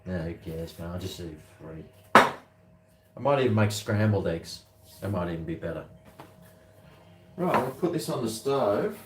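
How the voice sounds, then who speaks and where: A man's voice: sits low, lively intonation, a little slow, long pauses, echoey room, recorded from a distance, heavy background noise. A man with an Australian accent, chatting bluntly and rambling while he cooks in his home kitchen, swearing freely. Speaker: cooking vlogger. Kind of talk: casual talk to camera while cooking.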